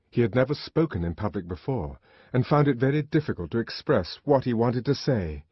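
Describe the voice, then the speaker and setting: Husky, expressive audiobook narrator. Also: male voice, medium pitch, a little fast, no echo. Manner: expressive, dramatic reading. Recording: dull, dry lo-fi recording.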